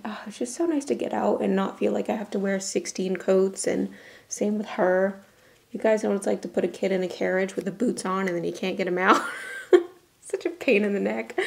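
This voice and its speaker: A woman's voice: mid-range voice, vocal fry, a little mellow. A young woman chatting casually through her makeup routine at home, giggly and full of "like". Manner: chatty, giggly, uses "y'all" and "like" often. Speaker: beauty vlogger. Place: home bathroom.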